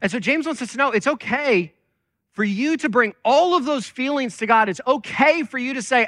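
A man's voice: extremely high pitch, brisk, a bit bright, dry recording, clean studio sound. A man preaching a conversational sermon as lead pastor, talking with many fillers.

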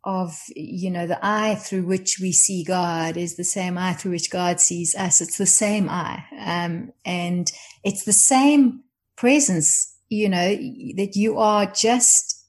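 A woman guest speaking gently and thoughtfully about contemplative prayer, often trailing off softly. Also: on the low side, fairly even intonation, takes it slowly. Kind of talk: reflective conversation.

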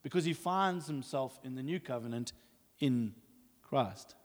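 A man preaching a sermon, telling stories in an animated way and acting out the voices, with long hall reverb. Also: mid-range voice, measured pace. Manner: animated storytelling, acts out voices.

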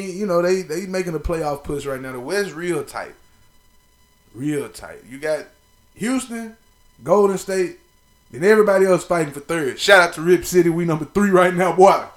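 A young man rants about sports on his own podcast, loose and profane, tossing out shout-outs as he goes. His voice sits a bit high and leaps up and down constantly. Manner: animated, profane, playful trash talk with shout-outs. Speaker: podcast host. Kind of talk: casual sports podcast monologue.

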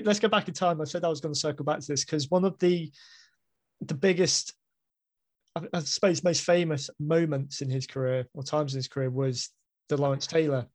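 A man's voice: medium pitch, darkish tone. A man hosting a casual interview, agreeable, giving short replies and then asking long, winding questions. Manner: agreeable, frequent short backchannels. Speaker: podcast host.

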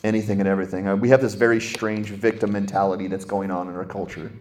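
Emphatic pastor with a low voice. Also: male voice, flat delivery, slight background noise. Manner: emphatic, rises sharply in pitch and volume to stress points; slows down and drops to a soft low voice on scripture. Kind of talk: sermon.

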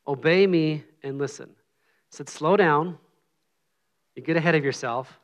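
Lay preacher, middle-aged man, slightly high voice, earnest and humble, conversational sermon delivery. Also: unhurried, pauses often. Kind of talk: informal sermon with prayer.

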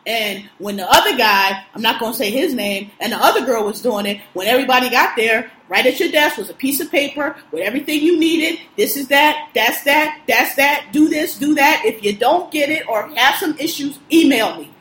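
Woman host, high voice, profane emphatic ranter, recorded in an echoey room. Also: normal speed, hardly any pauses, a bit bright, a little hiss or hum. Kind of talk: casual chat, venting.

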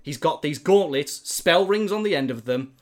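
Animated man telling a story. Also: fairly high pitch, moderate pace. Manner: animated, lots of "like" fillers. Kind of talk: casual storytelling.

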